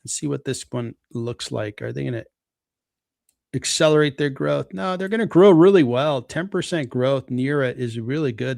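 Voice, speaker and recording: Gravelly man talking stock valuation. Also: medium pitch, dry recording, studio quality. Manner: relaxed, thinking aloud with fillers. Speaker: stock investing live stream host. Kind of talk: casual stock analysis talk.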